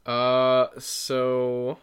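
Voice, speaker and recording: A man's voice: mid-range voice, monotone, extremely slow, smooth. A man hosting a podcast, casually recapping a movie with lots of fillers and self-corrections. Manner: rambling, filler-heavy storytelling with self-corrections. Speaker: podcast host.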